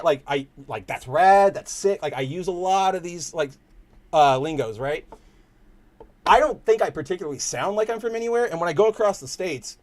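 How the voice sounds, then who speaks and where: A man's voice: on the high side, darkish tone. A young man with a Californian accent, hosting a casual livestream and rambling to his chat in slangy, loose talk. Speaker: stream host.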